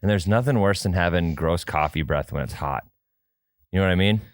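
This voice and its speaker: Young male co-host with a very low voice and dry, teasing delivery, close dry mic. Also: brisk, no room sound. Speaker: podcast co-host. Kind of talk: casual chat.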